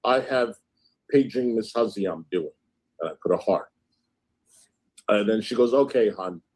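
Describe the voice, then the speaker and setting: A man's voice: lowish voice, measured pace, a little mellow, slightly rough. Indignant man recounting text messages. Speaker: livestream host. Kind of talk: casual livestream recounting.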